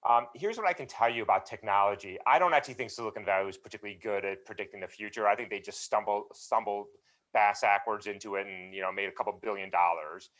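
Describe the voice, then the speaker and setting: A man answering questions in a conversational talk, emphatic and animated, with many fillers and restarts. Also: fairly low pitch, fast talker. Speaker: guest speaker.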